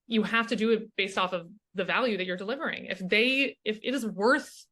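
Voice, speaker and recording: Woman guest, coach type, crisp bright tone, earnest and reflective delivery with frequent check-ins. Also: mid-range voice, brisk. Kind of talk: casual interview chat.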